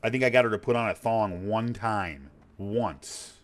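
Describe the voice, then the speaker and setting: Gamer streamer, man in his forties, low voice, swears freely, wanders off topic. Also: a little slow. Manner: blunt, profane, rambling. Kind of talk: casual chat while gaming.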